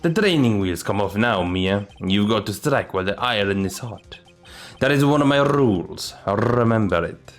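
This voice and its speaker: Cocky, swaggering lawyer, teasing drawl, pitch jumping around, voiced by a man. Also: lively intonation, moderate pace, soft background music, natural voice. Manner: teasing, laid-back swagger.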